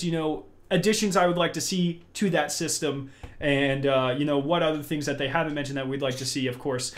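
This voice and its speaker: A young man hosting a casual gaming podcast from home, rambling upbeat with many restarts. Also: on the high side. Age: young adult. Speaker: podcast host.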